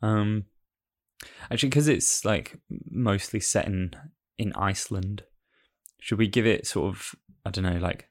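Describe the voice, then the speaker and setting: A man's voice: fairly low pitch, measured pace. A married man co-hosting a casual film podcast, rambling and self-deprecating. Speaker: podcast co-host.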